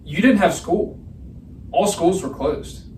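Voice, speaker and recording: A man's voice: high-pitched, takes it slowly, a little mellow. A young man, co-hosting a podcast in casual chat, telling rambling stories and swearing freely. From Pennsylvania, USA. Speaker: podcast co-host. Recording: roomy, distant mic, faint noise.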